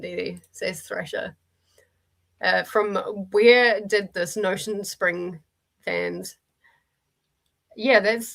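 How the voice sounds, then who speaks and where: Kiwi lady streamer, gravelly fry in her voice, chatty and laughing, reads out chat. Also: mid-range voice, pushed and bright. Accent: New Zealand. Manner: chatty, laughs often, restarts and fillers while reading chat aloud. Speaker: streamer hosting a reading sprint. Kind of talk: casual livestream chat reading out comments.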